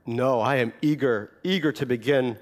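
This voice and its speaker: A man's voice: medium pitch, moderate pace. A Russian-born man with Russian as his first language, an author reading from his memoir and then chatting about it with dry, self-mocking humor.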